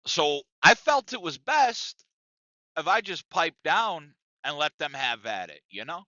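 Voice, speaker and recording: A man hosting a podcast, telling a profane comic story in an animated, conversational way, in a dry, dull lo-fi recording. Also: a little high, measured pace, dry recording. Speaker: podcast host.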